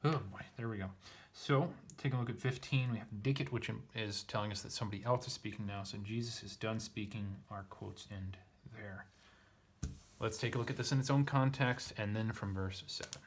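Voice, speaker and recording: Working his way through a Latin scripture passage, a male teacher speaks at normal speed in a low voice with fairly even intonation. He reasons aloud, hesitating and self-correcting, with some self-mocking humor.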